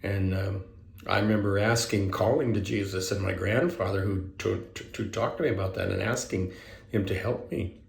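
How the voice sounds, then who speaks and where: A man sharing a personal spiritual story in a halting, reflective way, often restarting his sentences. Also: on the low side, creaky, roomy sound. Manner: halting, hesitant, many restarts and fillers. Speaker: author sharing spiritual experience.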